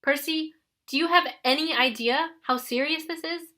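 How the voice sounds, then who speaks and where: A woman's voice: high voice, moderate pace, bright, forceful tone, voice pushed up. A woman voicing a worried, out-of-breath teenage girl. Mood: alarmed.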